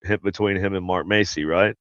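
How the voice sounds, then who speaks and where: A man's voice: sits low, fairly even intonation, fairly quick, fairly bright tone, smooth, dry recording, muffled recording. A man hosting a paranormal podcast, chatting casually and rambling with many fillers and restarts. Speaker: podcast host. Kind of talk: casual chat.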